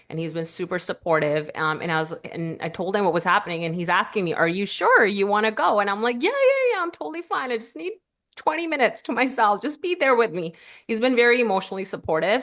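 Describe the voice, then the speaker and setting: A woman guest on a podcast telling a personal story, halting and tearful at times, her voice lifting when she quotes her own thoughts. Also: medium pitch, fairly bright tone. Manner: halting, with fillers and restarts, voice rising in quoted self-talk.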